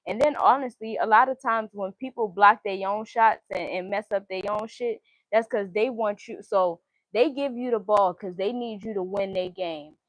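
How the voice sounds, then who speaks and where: A woman's voice: mid-range voice, normal speed, dry recording, poor audio. A woman giving a casual tarot reading, listing card meanings in a chanting cadence and speaking her mind bluntly, with frequent swearing. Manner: blunt and outspoken, swears freely. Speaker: tarot reader.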